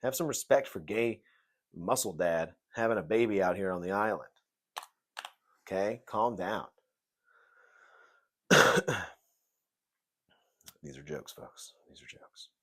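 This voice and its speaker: A man with a somewhat low voice talks through a TV episode review in loose, rambling commentary. He swears freely, jokes, and slips into mocking rants. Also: expressive, slow, long pauses. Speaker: TV show reviewer. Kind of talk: casual video review commentary.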